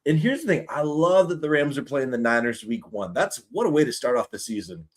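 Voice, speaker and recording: Brisk and medium-pitched, a Canadian man hosts a live sports fan stream, chatting excitably and talking a lot.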